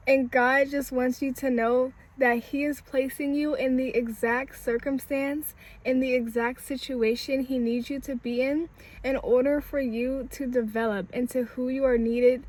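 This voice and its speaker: Bright-voiced woman preaching casually. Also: high voice, fairly even intonation, a little slow. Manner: conversational and emphatic, with repetition. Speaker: spiritual speaker.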